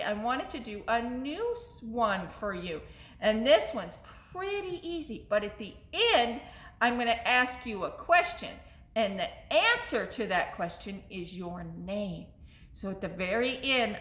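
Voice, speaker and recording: A woman's voice: mid-range voice, a bit bright. A woman in her thirties, a children's librarian leading story time, cheerful and coaxing with young children. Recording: echoey room.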